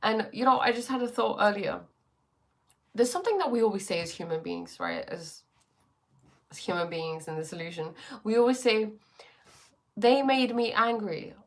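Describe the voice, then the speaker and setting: A woman with a medium-pitched voice that swings widely in pitch hosts a casual spiritual livestream from her bedroom at a moderate pace. Speaking reflectively through a sore throat, she greets viewers and fills pauses often.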